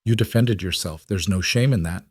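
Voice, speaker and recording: A man voicing a calm protective cowboy. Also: sits low, normal speed, dry recording, studio quality. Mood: gentle.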